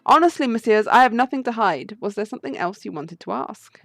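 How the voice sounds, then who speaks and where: A woman's voice: expressive, a little fast, gravelly, no room sound, studio quality, faint music behind. Woman doing a muffled, polite, jittery giraffe maid for a game read-through. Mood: helpful. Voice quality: muffled, as if from high up. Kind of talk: game playthrough read-aloud.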